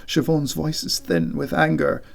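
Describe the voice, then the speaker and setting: A man reads a literary novel aloud in a slow, deliberate way. His voice sits a little high, and he whispers the sound effects. The reading is theatrical and expressive. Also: gravelly. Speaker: audiobook reader.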